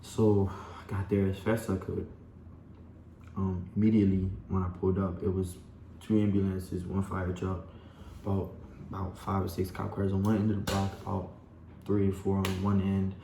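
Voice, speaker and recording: A young man speaks in a low, dark voice, rambling through a personal story and talking straight to his viewers. His delivery stays fairly flat, and the room around him is echoey with a faint hum. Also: moderate pace, creaky. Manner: rambling, full of "like" and "you know", addresses viewers as y'all. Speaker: vlogger.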